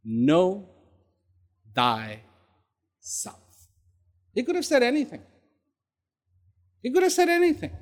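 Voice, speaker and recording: A man giving an inspirational talk to an audience. He is emphatic, repeats key words and uses dramatic pauses. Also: very high-pitched, lively intonation, a little mellow. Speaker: speaker. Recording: long hall reverb.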